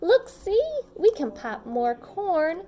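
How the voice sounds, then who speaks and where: A woman voicing a small timid mouse in a squeaky, soothing storybook voice. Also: sing-song, slow, dark tone, full character voice.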